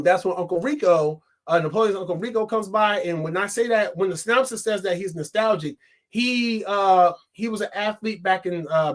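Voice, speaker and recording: High-voiced guy rambling thru a casual movie review, lots of likes and ums, laughs a bunch. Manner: rambling, filler-heavy, laughs often. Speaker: film reviewer.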